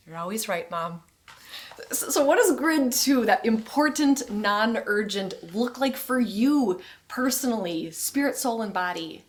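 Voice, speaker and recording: A woman co-hosting a marriage course video, speaking conversationally to viewers and laughing easily. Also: mid-range voice. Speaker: co-host of a couples course.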